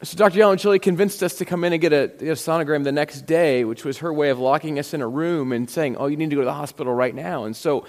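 A man's voice: fairly high pitch, fast talker, hardly any pauses. A man preaching a sermon as a pastor, telling stories in a conversational way and acting out the dialogue. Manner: conversational storytelling with quoted dialogue. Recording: long hall reverb.

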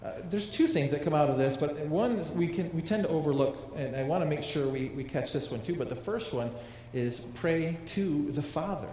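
A pastor delivers a sermon in a slightly high voice, talking to his congregation and throwing questions at them. His words ring through a large echoing room with a long reverb tail and a faint hum of ambience behind. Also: lively intonation, moderate pace, few pauses, dark tone. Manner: conversational preaching, asks the congregation questions. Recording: echoey hall with long reverb.

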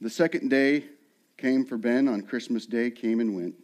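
A middle-aged man, a lead pastor, preaching a sermon in an animated way and acting out the voices of the people he describes. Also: medium pitch, moderate pace.

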